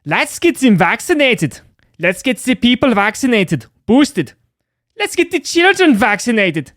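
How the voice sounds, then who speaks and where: A man putting on a crazy German accent to play an overbearing male health official, high and shrill. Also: very animated, unhurried, a bit bright, no echo, studio quality, exaggerated voice. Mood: commanding. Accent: German, put on. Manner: exaggerated, shrill, commanding.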